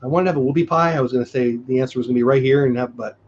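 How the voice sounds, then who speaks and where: A man co-hosting a live online show, chatting casually and thanking viewers by name, his voice going hoarse. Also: medium pitch, racing, a little hiss or hum. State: losing his voice. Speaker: livestream co-host. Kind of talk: casual live-stream chat. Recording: dull lo-fi stream audio.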